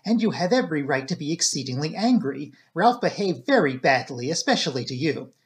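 An anxious young maid, played by a man reading aloud, speaks plaintively, her voice lifted high above his usual one. It is a storybook reading. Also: sing-song, fairly quick. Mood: earnest. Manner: distressed, plaintive.

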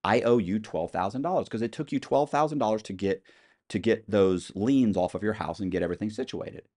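A man's voice: on the low side, a little fast, darkish tone. A man as an interview guest, telling personal stories in a matter-of-fact, rambling way with frequent restarts. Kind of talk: casual storytelling interview.

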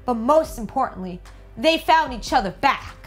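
Excitable high-voiced woman reacting. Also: moderate pace, loud music behind the voice. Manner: excitable, gushing, frequent mild swearing. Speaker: reaction video host. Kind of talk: casual reaction commentary.

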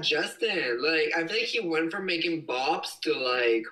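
Young male streamer, chatty and excitable, bright tone, sits a bit back from the mic. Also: fairly high pitch, a little slow, recorded from a distance, poor audio. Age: young adult. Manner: excitable, giggly, gushing exclamations. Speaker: livestream host. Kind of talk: casual livestream chat reading viewer comments. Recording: voice slightly off-mic.

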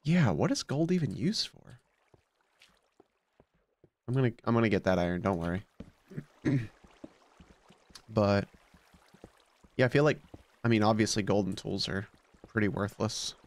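A man's voice: fairly low pitch, expressive, unhurried, long pauses. A man commenting casually on his game as a let's play host, sleepy and just woken up, musing aloud with plenty of fillers.

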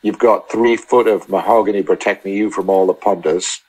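A man chatting as a podcast guest, telling long, halting anecdotes full of restarts. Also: sits low, fairly even intonation, a little mellow, slightly rough, rough recording. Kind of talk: casual storytelling chat.

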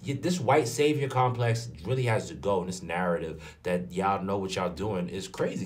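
A man from New York giving an indignant, animated commentary rant. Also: on the low side, fairly quick, few pauses. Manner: indignant, rhetorical questions, animated. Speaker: commentary vlogger. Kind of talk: ranting commentary. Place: in front of a green screen.

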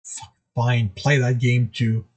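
A man's voice: medium pitch, little pitch movement, takes it slowly, a little mellow, pitched below the performer's own voice. Een man die speelt een bezorgde, boze havenmeester. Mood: exasperated. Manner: pleading, frustrated. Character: gruff middle-aged male portmaster, worried.

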